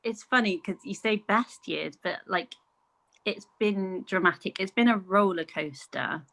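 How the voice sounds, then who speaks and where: A woman's voice: medium pitch, unhurried, vocal fry, a bit bright, low-quality recording. A middle-aged woman, a podcast guest chatting casually and telling personal stories, acting out what others said. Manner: chatty, storytelling with acted-out quotes and laughs. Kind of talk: casual conversation.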